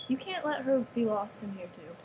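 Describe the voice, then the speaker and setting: A woman's voice: on the high side, animated, moderate pace, background noise. A woman giving a playful, mock-serious show-and-tell of a toy, with giggles and sarcastic asides. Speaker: vlogger showing off a toy.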